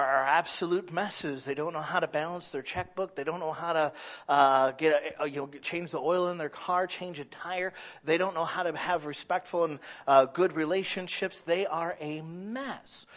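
Pastor, male, middle-aged: earnest conversational sermon, slightly high voice, dull lo-fi recording. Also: fairly even intonation, normal speed, a bit bright. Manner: earnest, conversational preaching with restarts and asides.

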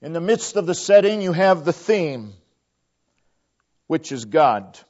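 Man preaching, slow and deliberate, slightly high voice, phrases fading soft at the ends, dull lo-fi sound. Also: big pitch swings. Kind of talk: sermon. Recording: dull lo-fi recording.

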